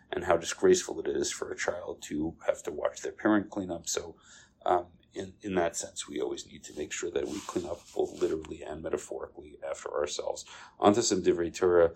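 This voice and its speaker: A man's voice: low voice, moderate pace, vocal fry, darkish tone, slight background noise, poor audio. A man giving an informal Torah talk, telling stories and stopping often for fillers. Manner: storytelling with many fillers and Hebrew terms. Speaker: Torah teacher.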